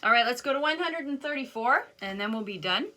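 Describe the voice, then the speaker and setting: A woman's voice: fairly high pitch, expressive, brisk, sharp tone. A woman band teacher recording a video lesson, counting off beats and explaining patiently with self-deprecating asides.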